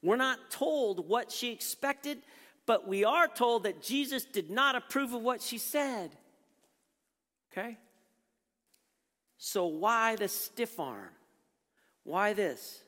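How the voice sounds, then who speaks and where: Pastor, man, high-pitched, preaching in a big reverberant sanctuary; punchy rhetorical questions, drops to near-quiet for weight. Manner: rhetorical questions, swings between emphatic and hushed. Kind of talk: sermon. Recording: long reverb from a large hall.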